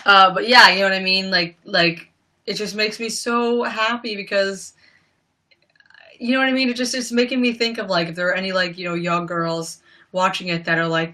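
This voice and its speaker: A young woman livestreams in a casual chat, gushing and rambling with lots of "like" and "you know." Her voice is medium-pitched and sharp in tone, at a normal speed.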